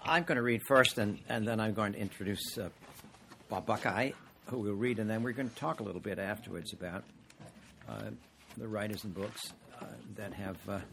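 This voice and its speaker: An older man reading from his own memoir to a live audience in a measured, deliberate way, with occasional hesitations. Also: on the low side, creaky, a bit bright, a little hiss or hum.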